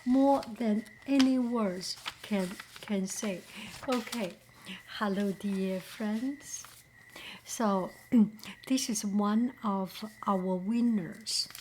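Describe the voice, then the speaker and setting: A woman who speaks slowly and gently, often half-whispering, as she opens and reacts to fan mail in an unboxing vlog. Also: medium pitch, a little hiss or hum, rough recording. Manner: slow, gentle, often whispering, easily moved. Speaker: vlogger opening fan mail. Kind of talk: soft-spoken unboxing vlog.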